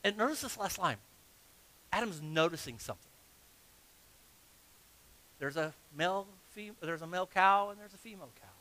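A man's voice: high-pitched, normal speed, pauses often, sharp tone. A man preaching a sermon as pastor, reading scripture aloud and acting out the story with humor. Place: church sanctuary.

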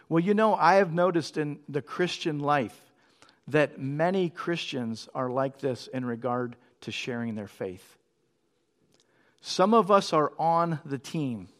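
A middle-aged man preaching a sermon in a conversational way, with quick storytelling asides. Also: sits high. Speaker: pastor.

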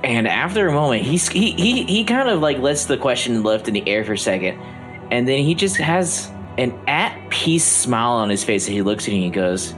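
A man's voice: medium pitch, very animated, fairly bright tone. Guy gm narrating a tabletop game over a call, keeps restarting, bit of music under it. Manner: halting, lots of restarts and fillers. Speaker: game master.

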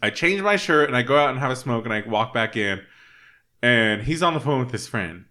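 A man's voice: mid-range voice, animated, fairly quick, pushed and bright. A man on a casual podcast, telling a story and acting out both sides of an argument. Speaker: podcast host.

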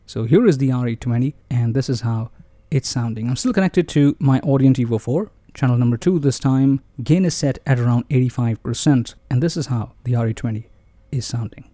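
Guy testing mics up close, super deep mellow tone, dry sound, jokey and self-mocking. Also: brisk, no echo. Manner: playful and self-mocking, often calls out "ladies and gentlemen". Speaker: microphone reviewer. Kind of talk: casual gear review monologue. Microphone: close-up dynamic microphones, about three inches away.

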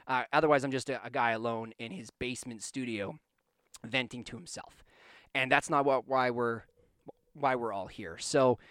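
A man's voice: mid-range voice, a bit bright, smooth, no echo, clean studio sound. Earnest man rambling on his podcast. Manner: rambling, earnest, with frequent restarts. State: hiccuping and coughing. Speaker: podcast host. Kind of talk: casual solo podcast monologue. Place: home basement studio.

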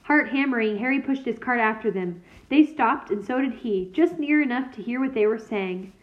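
A woman reading a children's novel aloud in a steady, clear storytelling manner. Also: on the high side, moderate pace. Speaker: reader. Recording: tinny phone-like sound.

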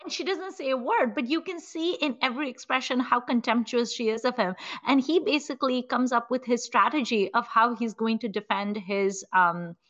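A woman co-hosting a podcast, retelling a film scene in a casual, animated way full of "like" and "you know". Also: fairly high pitch, moderate pace, few pauses, lo-fi sound. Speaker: podcast co-host.

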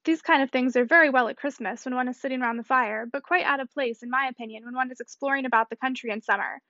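Pompous, affected society wife, read by a woman, brisk and high, dry slightly dull sound. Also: bright, forceful tone, no room sound. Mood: haughty. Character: pompous self-important married woman. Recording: slightly muffled dry recording.

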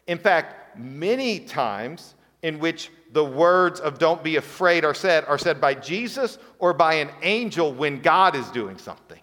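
A male pastor delivers a sermon in a relaxed, conversational way. He tosses in playful asides and then sinks to a near hush for the serious lines. His voice sits a touch high, and a long hall reverb trails every phrase. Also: moderate pace, hardly any pauses.

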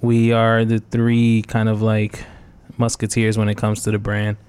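This man talks low and smooth, with a clean, resonant tone. He is a guest on a casual radio interview, rambling through a story with plenty of fillers and asides. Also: monotone, a little slow, a little mellow. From New England. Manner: loose, storytelling, many fillers. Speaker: guest, hip-hop event organizer.

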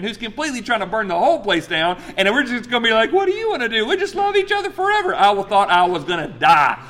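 Male pastor, 40s, high voice, animated storyteller, loud bursts and hushed earnest asides. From United States. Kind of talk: sermon.

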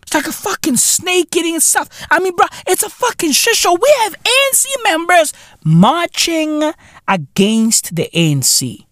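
A man's voice: very high-pitched, big pitch swings, normal speed, a bit bright, no room sound. A man from Africa, hosting a solo podcast and ranting with profanity, sarcasm and exasperation. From South Africa. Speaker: podcast host. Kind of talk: solo podcast commentary rant.

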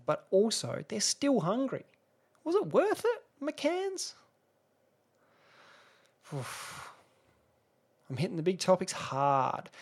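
A young Australian man hosting a solo podcast, rambling and sarcastic, swearing freely and restarting his sentences. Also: on the high side. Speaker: podcast host. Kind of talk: casual solo podcast rant.

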